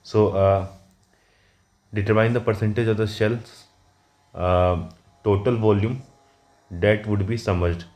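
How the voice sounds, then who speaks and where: A man working through an engineering problem at a whiteboard, halting often with fillers and self-corrections. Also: fairly low pitch, fairly even intonation, darkish tone. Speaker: engineering exam tutor.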